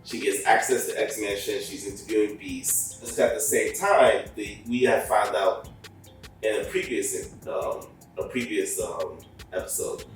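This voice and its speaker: A man co-hosting a podcast review in casual chat, retelling scenes animatedly and jumping up in pitch and volume to act out the characters. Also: a little slow. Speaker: podcast co-host reviewing a cartoon series. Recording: echoey room, distant mic, faint music.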